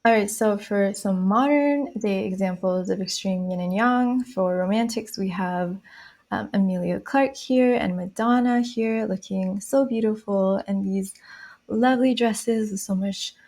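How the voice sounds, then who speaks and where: A woman explaining a style system in a lesson, speaking softly and listing qualities one phrase at a time. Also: mid-range voice. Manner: slow, soft-spoken, listing qualities one by one. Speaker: style educator.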